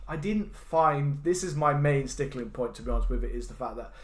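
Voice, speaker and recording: A man's voice: mid-range voice, animated, brisk, darkish tone, roomy sound. A man co-hosting a podcast, talking through a film review in a rambling, self-interrupting way with frequent laughs. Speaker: podcast co-host. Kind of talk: casual film review chat.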